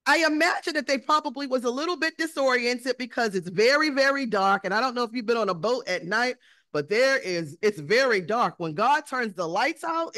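A woman pastor giving a sermon in a relaxed, conversational way, often acting out quoted voices. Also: on the high side, no echo, clean studio sound. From United States. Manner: conversational preaching with acted-out quotes of disciples.

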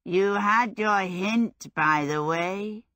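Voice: mid-range voice, drawn-out words, pushed and bright, no echo, studio quality. A woman voicing a sleepy, demanding male fire demon in a storybook reading. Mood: grumpy.

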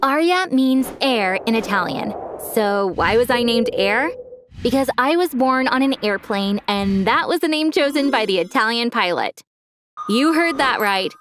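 A woman narrating an animated first-person story in a clear, expressive scripted voice. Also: a little high, unhurried, background noise.

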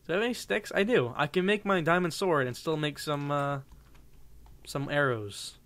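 A man's voice: fairly high pitch, moderate pace, a bit bright. A young man commenting casually on his own gameplay, rambling and joking with viewers in a goofy mood. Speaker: gaming channel host. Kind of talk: playing a game with live commentary.

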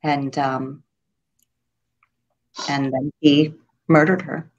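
A middle-aged woman from Florida, a grieving mother telling her story in an interview, halting with many pauses and her voice breaking at times. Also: deep voice, flat delivery, lo-fi sound. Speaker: guest, mother of a murder victim. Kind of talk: emotional interview.

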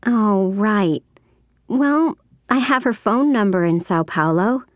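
A woman speaking clearly in a scripted everyday dialogue for an English course. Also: medium pitch, lively intonation, slow pace, dry recording, studio quality.

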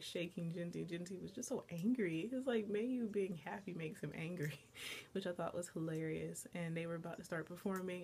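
Young female vlogger, lowish voice, casual rambling recap, light background hum. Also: creaky, darkish tone. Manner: chatty, lots of "like" and "blah, blah, blah". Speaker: anime review vlogger.

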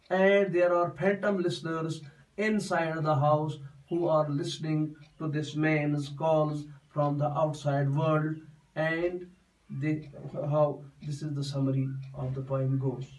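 A man's voice: a little high, darkish tone, recorded from a distance, poor audio. A man giving a classroom poetry lesson, explaining step by step and repeating himself often. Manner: repetitive, explains step by step with many restarts. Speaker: teacher.

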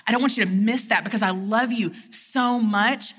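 A woman preaches at a conference in a large hall, her bright voice ringing with a long reverb. She talks in a chatty, storytelling way and acts out the lines she quotes. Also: a little high, normal speed, husky. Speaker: conference speaker. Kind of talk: sermon with personal story.

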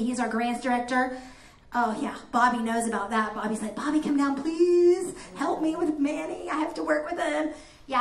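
A woman presenting to a room of teachers, telling the story in a chatty, animated way with playful asides. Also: high-pitched. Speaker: grant coordinator presenting to teachers. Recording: echoey room, faint noise.

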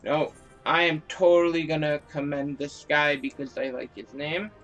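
A man's voice: a little high, fairly even intonation, normal speed, a bit bright, lo-fi sound, faint music behind. A man giving casual, joking commentary over a video game, mocking himself and swearing freely. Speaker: gaming video creator.

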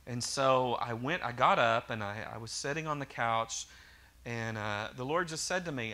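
An Oklahoma pastor preaches a sermon to his congregation in a bright, forward, mid-range voice at a moderate pace. His delivery is easy and conversational, with frequent restarts and joking asides.

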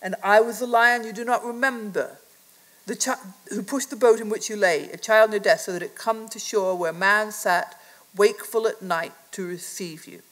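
A woman reading aloud the lines of a great, calm male lion, in a grave and measured way. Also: medium pitch, close to an everyday voice, low-quality recording. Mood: solemn. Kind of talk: reading a children's novel aloud in a lecture.

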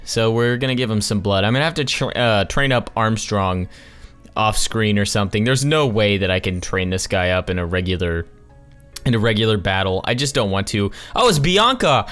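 A man's voice: fairly low pitch, expressive, normal speed, fairly bright tone, soft background music. A young man casually commentating a video game, slangy and jokey, with sarcastic asides. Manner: slangy, jokey, sarcastic, calls everyone dude. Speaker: gaming channel host. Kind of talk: casual let's-play commentary.

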